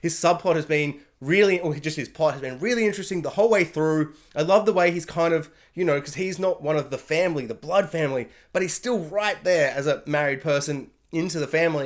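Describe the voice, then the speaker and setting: A high-pitched man reviews a TV season in an animated, gushing rant. He piles up superlatives and jumps into brief impressions of the characters. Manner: excitable, gushing, mimics characters in quick bursts.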